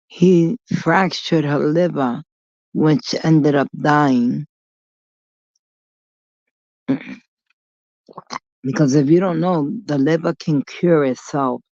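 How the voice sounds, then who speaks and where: Slow-talking blunt, profane woman vlogger. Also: deep voice, creaky, warm tone, dry recording. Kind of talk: rambling storytelling monologue. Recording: dull lo-fi recording.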